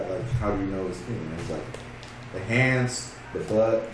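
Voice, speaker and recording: A man's voice: sits low, moderate pace, over music. A man telling a long story on a casual podcast, cursing freely and acting out what others said. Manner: profane, animated storytelling with quoted voices. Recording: echoey room, distant mic, loud noise.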